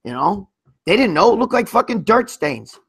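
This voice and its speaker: A man's voice: high voice, sing-song, normal speed, vocal fry, a bit bright, breathy edge. A middle-aged man hosting a livestream, telling crude stories in a rambling, profane way and reading out viewer comments. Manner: profane, rambling, lots of restarts and "you know what I mean". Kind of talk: crude casual storytelling.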